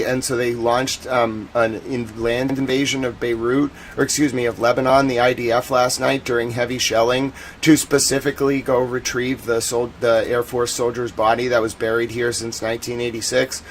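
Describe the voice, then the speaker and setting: A man's voice: mid-range voice, a little hiss or hum. Rambling American man hosting a live stream. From United States. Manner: rambling, chatty, slangy, with bursts of loud indignation. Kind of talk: casual live-stream commentary.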